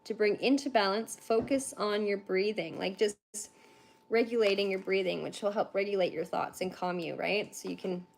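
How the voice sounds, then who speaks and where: A tired young woman from Canada, chatting fast on a livestream with lots of fillers while she gives a card reading. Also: mid-range voice, steady tone, creaky, slight background noise. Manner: fast-talking, chatty, laughs often, many fillers. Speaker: tarantula reader on a livestream.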